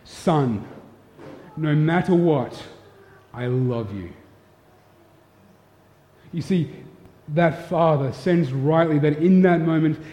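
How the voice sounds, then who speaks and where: A man's voice: on the high side, warm tone. A man preaching a sermon, earnest and storytelling, putting direct questions to his listeners. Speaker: pastor. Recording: echoey hall, dull lo-fi sound.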